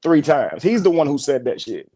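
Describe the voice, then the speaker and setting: A man's voice: a little high, big pitch swings, normal speed, mellow, no echo. A man hosting a casual livestream commentary, talking bluntly and indignantly, with plenty of swearing. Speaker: livestream host.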